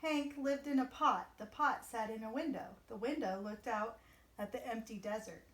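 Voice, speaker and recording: Woman storyteller, children's book reading, high lively voice, echoey room. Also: normal speed, far from the mic. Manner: expressive, animated.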